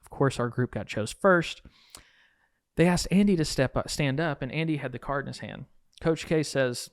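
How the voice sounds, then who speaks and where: A man hosting a podcast, telling a coaching story in a lively way and acting out the quoted dialogue. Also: medium pitch, normal speed, no room sound, studio quality. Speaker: podcast host and real estate coach.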